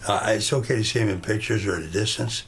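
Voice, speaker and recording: A man telling a rambling story to camera in a deadpan manner. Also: fairly low pitch, fast talker, gravelly, breathy edge. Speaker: reality show contestant.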